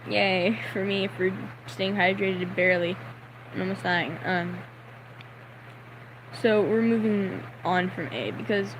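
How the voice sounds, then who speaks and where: A man's voice: high voice, noisy background. A young man telling a story on a livestream, nervous and sweaty, talking in a rambling way full of "like" and acting out the people in his story.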